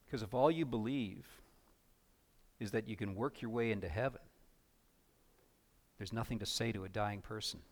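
A man preaching a sermon as pastor, earnest, building to loud emphatic passages. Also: fairly low pitch, moderate pace, long pauses.

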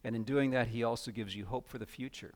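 A man preaching a sermon as pastor, earnest, building to loud emphatic passages. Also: medium pitch, quick pace.

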